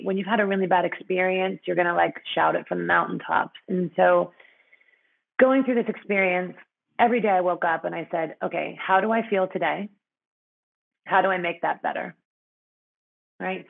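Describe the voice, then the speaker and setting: Woman, interview guest, candid and chatty, gravelly, tinny narrow sound. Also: lowish voice. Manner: open, frank, laughs often, many fillers.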